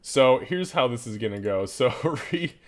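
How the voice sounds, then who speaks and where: A man narrating as game master of a tabletop game, casual and quick to laugh, swearing freely. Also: medium pitch, lively intonation.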